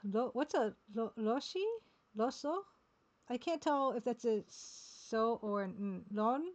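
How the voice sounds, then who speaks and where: A woman streaming a game live, talking casually and haltingly as she sounds out words one by one. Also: on the high side.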